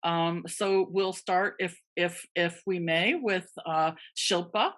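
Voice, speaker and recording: Bright-voiced woman hosting with a stutter. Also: lowish voice, fairly even intonation, takes it slowly. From United States. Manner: stutters with repeated part-words. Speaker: panel host. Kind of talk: video-call panel moderation.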